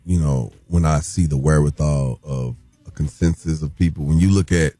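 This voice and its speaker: Deep, husky-voiced male radio host. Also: normal speed, dry recording, faint music behind. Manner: laid-back, conversational, slangy, acts out quotes in a high yell. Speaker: radio morning show host. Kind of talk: casual radio talk show chat. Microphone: studio microphone.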